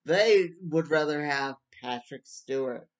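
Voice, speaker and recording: A man with a slightly high voice talks slowly through a casual book review. He rambles and keeps stopping to restart his sentences. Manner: rambling, stop-start with many restarts.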